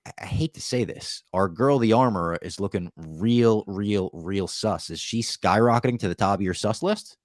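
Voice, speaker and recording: A man co-hosting a podcast, casually recapping a TV episode in an animated way with some laughter. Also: on the low side, normal speed, no room sound, studio quality. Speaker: podcast co-host. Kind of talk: casual show recap chat.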